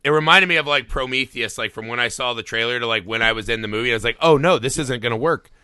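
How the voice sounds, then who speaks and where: Brash co-host, thirties, bright tone, dead-dry recording, crude jokes. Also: male voice, very fast, clear, resonant tone, no room sound. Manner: profane, animated, jumps into high mocking voices. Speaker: podcast co-host. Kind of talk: casual film podcast chat.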